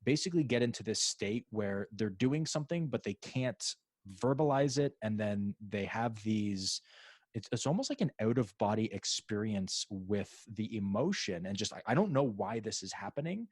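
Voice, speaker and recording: A man with a fairly low voice hosts a casual podcast chat, circling his points with fillers and restarts. His voice sits dry and close to the mic. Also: expressive, moderate pace, husky, no room sound. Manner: rambling, many restarts and fillers. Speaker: podcast host.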